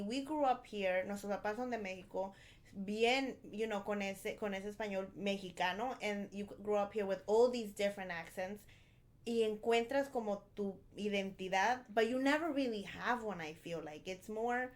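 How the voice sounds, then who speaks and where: A young woman co-hosting a casual podcast, sliding between English and Spanish in the same breath. Her voice sits at a middle pitch for a woman. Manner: switches between English and Spanish mid-sentence. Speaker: podcast co-host. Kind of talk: casual bilingual chat.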